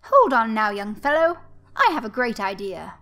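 A doddering old man plays up a senile, forgetful priest, vague and feeble in every word, as a woman puts him on. The voice stays bright and clear. This is a spoken storybook. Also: fairly high pitch, big pitch swings, moderate pace.

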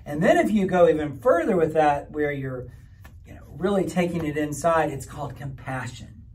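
A man, a pastor, gently explaining ideas to children at a church camp in a rambling, friendly way. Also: fairly high pitch, lively intonation, moderate pace. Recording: mic from far off.

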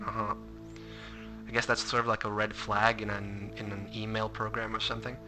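A man's voice: lowish voice, monotone, brisk, music in the background. A man commentating a game playthrough, reading on-screen text aloud and adding wry asides. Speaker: let's play commentator. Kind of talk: gameplay commentary.

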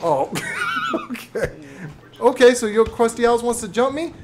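A man voicing a brash, hotheaded male cartoon character who taunts and yells at rivals while playing through a live game stream. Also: very high-pitched, lively intonation. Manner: swaggering, taunting, quick to yell. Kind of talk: voiced live gameplay stream.

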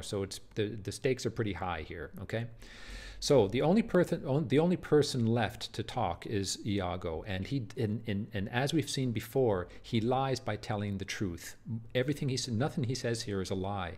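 A man's voice: on the low side, lively intonation, moderate pace, darkish tone. A man teaching a play in a video lecture, earnest and emphatic, often repeating words and checking "do you see?". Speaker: literature teacher.

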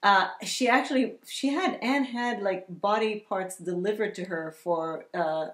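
Woman, enthusiastic vlog co-host, mid-pitched, echoey room. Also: a little slow, a bit bright. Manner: enthusiastic, chatty. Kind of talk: casual chat, reading viewer comments aloud.

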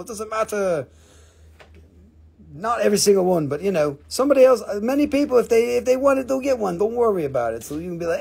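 A man hosts a live crystal sale in casual, running patter. His voice is high and slightly husky. He jokes and swears freely, in loose phrasing. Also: animated, fast, darkish tone. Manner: joking, profane, loose non-native phrasing.

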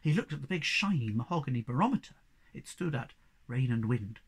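A man narrating a children's storybook in an expressive, animated way. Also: mid-range voice, fairly quick, gravelly, breathy edge. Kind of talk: storybook reading.

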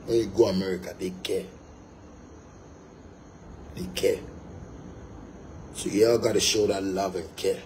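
A man's voice: sits low, measured pace, long pauses, a little mellow, a little hiss or hum, rough recording. A young Ghanaian man, a musician, delivering a fiery, emphatic monologue to his fans, repeating his points and slipping into pidgin.

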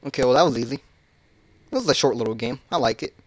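Talking fast in a medium-pitched voice, a man plays a horror game for his gaming channel. He keeps the commentary casual, full of jokes and cursing, and bursts into loud yelps whenever something scares him.

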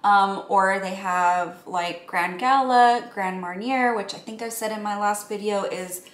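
A woman casually chatting through a home cocktail how-to, relaxed and full of ums and likes. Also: medium pitch, unhurried, roomy sound.

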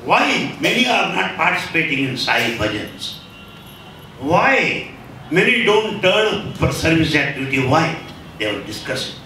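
An emphatic man with an Indian English accent tells a devotional story, hammering his points home again and again. His voice is bright and forceful. He is heard from a distance in a very echoey hall, with faint room noise behind him. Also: a little high, big pitch swings, a little slow. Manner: emphatic, repetitive, lecturing. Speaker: spiritual speaker. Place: large hall.

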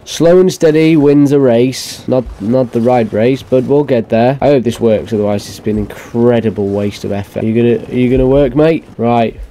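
A man's voice: medium pitch, moderate pace, hardly any pauses, mellow, slight background noise. A man giving let's-play commentary on a horror game, muttering to himself and swearing in frustration at the game. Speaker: gamer streaming a horror game.

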